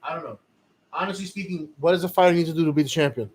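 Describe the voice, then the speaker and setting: Fired-up man ranting, high voice. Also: very fast, a little mellow, husky. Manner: heated, profane ranting with repetitions. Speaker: co-host of a live fight reaction show. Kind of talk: casual live reaction chat.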